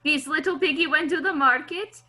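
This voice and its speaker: A gleeful, brutish henchman taunts in a sing-song way, as a woman reads him in an amateur read-through. The voice is piercingly bright and high. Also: brisk. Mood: taunting. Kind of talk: amateur script read-through over video call.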